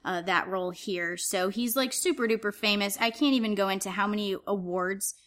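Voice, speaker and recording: A woman's voice: mid-range voice, a little fast, a bit bright. Chatty enthusiastic woman co-host. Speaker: podcast co-host. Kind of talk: casual chat about upcoming theater shows.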